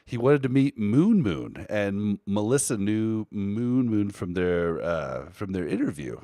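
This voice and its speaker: A man with a lowish voice co-hosting a live podcast. He chats loosely and with energy, sometimes lifting into a lighter, softer register. The sound is close and dry, with no room around it. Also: measured pace, no echo. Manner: animated, switches between a deeper casual voice and a higher softer one. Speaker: podcast co-host and streamer. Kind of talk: casual live podcast chat.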